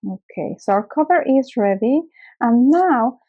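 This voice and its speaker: Slow, careful woman crafter. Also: on the high side, animated, lo-fi sound. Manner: slow, careful explaining with fillers. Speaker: craft tutorial host. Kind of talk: step-by-step craft tutorial.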